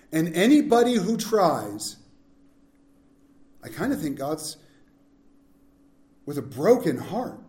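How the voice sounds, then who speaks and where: Male pastor, high voice, animated sermon delivery, echoey church hall. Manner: animated preaching that swings from loud to hushed.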